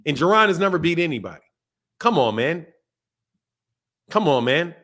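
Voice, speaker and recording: A man's voice: on the high side, big pitch swings, normal speed, fairly bright tone. A man with a Philadelphia accent hosting a casual boxing livestream, reading super chats in a playful way and repeating phrases.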